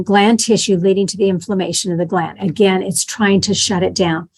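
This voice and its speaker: Middle-aged woman teaching a health class in a loose, talky way, mid-range voice. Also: mid-range voice. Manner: conversational, tells patient stories, acts out quotes.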